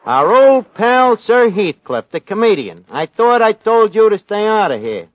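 A wisecracking tavern manager. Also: male voice, high voice, big pitch swings, a little slow, dry recording, dull audio. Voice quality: wisecracking, bad grammar. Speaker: host. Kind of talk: 1940s radio comedy acting. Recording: old radio broadcast with live audience laughter.

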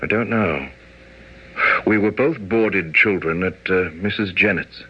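A man's voice: low-pitched, unhurried, husky. An actor playing a proud, moody young male painter who talks in brusque, commanding, impulsive bursts, in old-time radio acting. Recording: dull old radio recording.

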